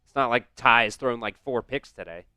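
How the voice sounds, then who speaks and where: A man's voice: medium pitch, brisk, sharp tone, clean tone, no room sound, soft background music. Frustrated man calling a football stream. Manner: frustrated, talks back to chat, swears. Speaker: host doing live play-by-play. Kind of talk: casual live-stream commentary.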